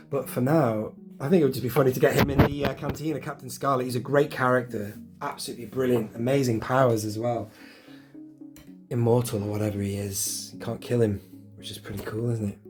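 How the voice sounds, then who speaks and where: A man's voice: mid-range voice, darkish tone. Chatty collector guy unboxing. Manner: chatty, enthusiastic, talks to himself while unboxing. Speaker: collector vlogger. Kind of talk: casual unboxing chat. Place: home collection room.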